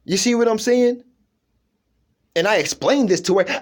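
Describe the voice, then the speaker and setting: A man's voice: sits high, normal speed, pauses often. A man talking in a rambling personal monologue, emphatic, restarting often and checking in with his listener. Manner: emphatic, keeps asking "you know what I'm saying".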